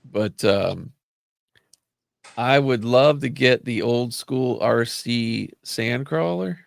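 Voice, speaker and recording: A man in casual chat, telling rambling, animated stories and cursing freely. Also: medium pitch, takes it slowly, vocal fry, dry recording, clean studio sound.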